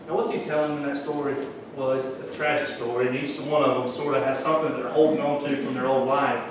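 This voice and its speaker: This pastor speaks quickly at a medium pitch with fairly even intonation, giving a relaxed, folksy sermon in Southern-flavored language. It was recorded from afar in a reverberant church hall with background noise.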